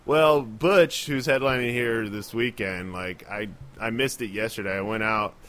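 A man's voice: fairly low pitch, steady tone, measured pace, fairly bright tone. A man chatting casually on a podcast as a comedian, telling profane club stories and mimicking people. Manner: profane, loose storytelling with mimicked voices.

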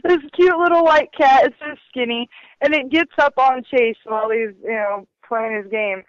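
A man in casual chat, animated and acting out quoted lines. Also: extremely high pitch, normal speed, smooth, no room sound. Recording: dull lo-fi sound.

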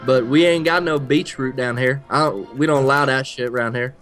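A man's voice: mid-range voice, brisk, fairly bright tone, faint music behind. A man co-hosting a podcast, joking around and swearing in casual banter. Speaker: podcast co-host.

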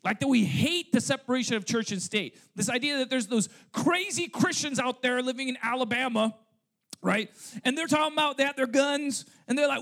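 At a church service, a man with a very high-pitched, fairly bright voice preaches a sermon. He punctuates his points with "okay?" and "right?" and fires rhetorical questions at the congregation.

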